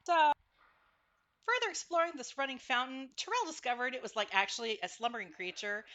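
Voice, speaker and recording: A woman's voice: sits high, lively intonation, a little fast, bright, forceful tone. A woman narrating a tabletop game as game master, recapping with frequent fillers and self-corrections.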